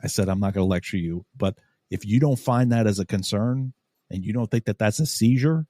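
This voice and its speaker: Low-voiced guy hosting a podcast, cussing a lot, acting out the story, dry close mic. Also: a little fast, dry recording. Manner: animated, profane, acts out quotes. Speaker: podcast host. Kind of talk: casual storytelling chat.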